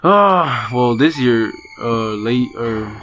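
A man's voice: mid-range voice, expressive, slow, a bit bright, a little hiss or hum. A man in his late teens from Las Vegas, chatting casually through a let's play at home and calling everyone bro. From Las Vegas, Nevada. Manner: casual and slangy, keeps saying bro. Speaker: gamer. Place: home with brothers nearby. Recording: game music behind the voice.

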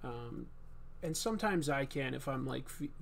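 A man from Massachusetts who hosts an art livestream and chats casually, in a relaxed, rambling way with many fillers, while he draws. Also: medium pitch, moderate pace, vocal fry, a little hiss or hum. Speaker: livestream host and artist. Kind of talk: casual chat while drawing.

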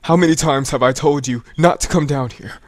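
A man's voice: a little high, fairly quick, dry recording, studio quality, natural voice. A man voicing a stern scientist father. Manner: firm, commanding, coldly soothing. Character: stern, possessive middle-aged male scientist father.

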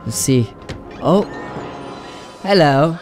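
A man's voice: a little high, lively intonation, extremely slow, over music. A young man chatting casually and rambling through a game playthrough, giggling often. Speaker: gaming YouTuber. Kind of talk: let's play commentary.

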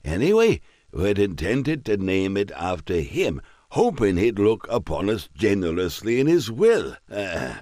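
A man's voice: on the low side, huge pitch swings, unhurried, darkish tone, dry recording, clean studio sound. A man voicing a merry, drunken country squire who slurs and rambles jovially in a raised voice. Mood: tipsy jovial. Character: merry drunk middle-aged Scottish squire.

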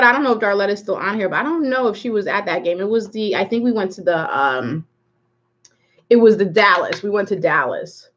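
A woman's voice: lowish voice, muffled recording. A woman hosting a live makeup tutorial, chatting casually and rambling while she greets viewers by name. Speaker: makeup livestream host.

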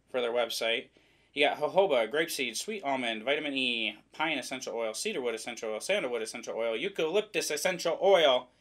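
He speaks in a mid-range voice with a sharp edge. A vlogger from the American Midwest, he's reviewing a product with a rambling, casual unboxing, joking around and poking fun at himself.

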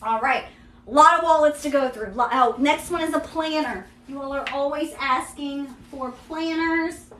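A high-pitched, fairly bright-toned woman speaking at normal speed sells vintage luxury bags on a live stream, with room echo and a little hiss or hum. Hailing from Kentucky, she has a Central Kentucky Southern drawl and a chatty, upbeat style heavy on "yeah" and "there you go."

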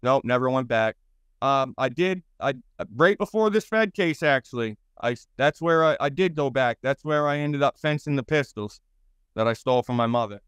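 A man in his thirties with a Boston accent, a guest telling his stories in a blunt, rambling and profane way, with halting restarts. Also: medium pitch, expressive, fairly bright tone, clear, resonant tone, no echo. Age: 30s. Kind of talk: interview storytelling.

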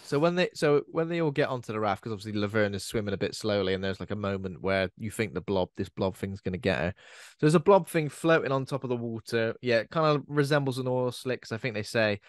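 A man's voice: fairly low pitch, lively intonation, fast, no room sound, studio quality. Chatty man recapping a film. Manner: chatty, recaps plots with lots of fillers. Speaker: podcast co-host. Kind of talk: casual film discussion.

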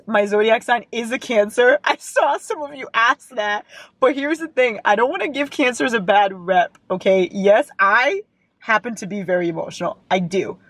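A woman's voice: medium pitch, normal speed, no room sound. Brief: emotional twenty-something American woman book vlogger, reads aloud, gushes and tears up, records in her car. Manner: emotional, gushing, often crying. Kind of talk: reading aloud and reacting. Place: parked car.

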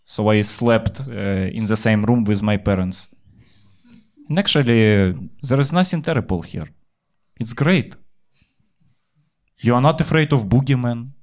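Ukrainian guy doing standup in english, deadpan and blunt, swears a lot, mid pitch. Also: a little slow, long pauses. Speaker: stand-up comedian. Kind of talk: stand-up comedy set.

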